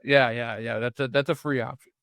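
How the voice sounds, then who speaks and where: A man's voice: medium pitch, steady tone, a little fast, creaky, a bit bright, dry recording, clean studio sound. A man co-hosting a casual movie-review show, rambling with frequent restarts and laughing easily as he recounts scenes. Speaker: podcast co-host.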